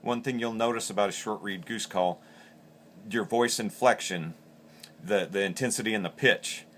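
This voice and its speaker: Man, low voice, sharp bright tone, practical step-by-step instructor, faint background noise. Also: moderate pace. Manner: plain, practical, explains step by step with repeated words. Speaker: call maker instructor. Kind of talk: instructional demonstration.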